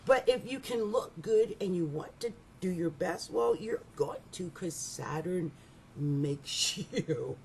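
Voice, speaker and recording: A middle-aged woman giving a rambling, animated astrology reading, laughing often and restarting her sentences. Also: fairly low pitch, slow, creaky, slight background noise. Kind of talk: casual monthly astrology reading.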